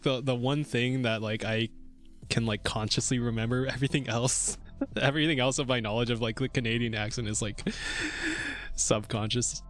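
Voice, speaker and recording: A young man streaming while he codes a game, chatting casually and thinking aloud with lots of little laughs and fillers. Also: mid-range voice. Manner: rambling and chuckly, many fillers, thinks aloud. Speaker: VTuber streamer coding a game. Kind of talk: casual livestream chat while coding. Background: faint music and keyboard typing.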